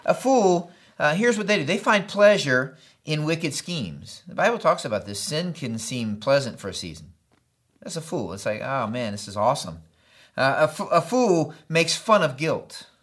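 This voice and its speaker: Middle-aged male pastor, slightly higher voice, relaxed chatty sermon delivery, tells stories. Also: moderate pace. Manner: conversational, storytelling with acted quotes and frequent "right?".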